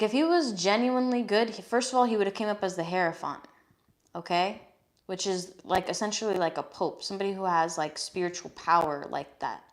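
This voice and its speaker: A young woman giving a casual live-stream tarot reading, chatty and frank, often swearing and checking in with "okay?". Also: on the low side. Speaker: tarot reader.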